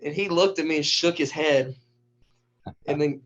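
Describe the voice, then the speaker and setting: Animated storytelling coach, higher voice. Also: male voice, moderate pace. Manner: animated storyteller who acts out quotes. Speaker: high school wrestling coach. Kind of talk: casual storytelling. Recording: dull lo-fi recording.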